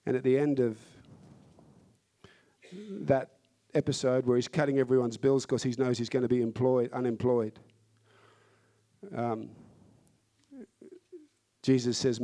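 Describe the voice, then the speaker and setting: A man's voice: mid-range voice, steady tone, measured pace, pauses often, dark tone. A man preaching a sermon, fervent and emphatic, repeating phrases to drive points home.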